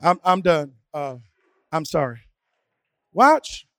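A male preacher who swings from hushed, quiet asides to sung, shouted preaching. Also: on the high side, big pitch swings, slow, no room sound. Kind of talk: sermon.

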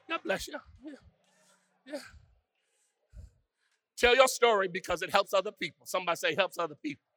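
A man's voice: sits high, expressive, moderate pace, long pauses, bright, forceful tone, no echo. A man preaching a sermon who has listeners call words back to him.

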